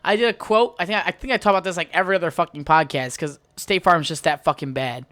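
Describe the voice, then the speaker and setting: A podcast host from the United States rants on their own show, heated and full of swearing. The voice sits at a middling pitch and is recorded dry and close, with no room sound. The talk runs as one long, angry monologue. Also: quick pace, fairly bright tone, no echo. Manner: profane, heated ranting. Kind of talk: solo podcast rant.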